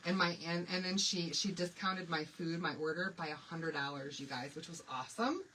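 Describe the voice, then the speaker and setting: A woman hosting a craft livestream, telling stories in an animated, confiding way and talking to commenters by name. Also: lowish voice, normal speed, recorded from a distance, a little hiss or hum, poor audio. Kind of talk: chatty storytelling while demonstrating a craft.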